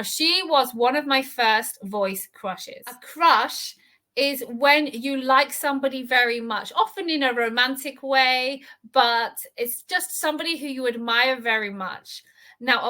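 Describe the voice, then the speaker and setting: A woman teaching an advanced English reading lesson, walking through words and grammar with patient, clear explanations. Her voice is bright and forceful, sitting a little high, and she checks in with learners often.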